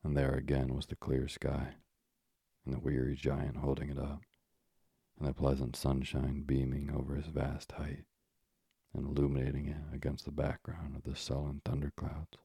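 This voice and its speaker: A man narrating a classic storybook in a measured, old-fashioned way, pausing for moralizing asides. His voice is extremely deep and dark, with heavy fry, and it barely rises or falls. The recording is close and dry. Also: monotone, no echo.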